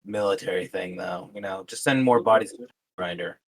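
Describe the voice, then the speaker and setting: A man playing a tabletop game, wry and quick to swear. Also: deep voice. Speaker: player. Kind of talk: casual chat at a tabletop game.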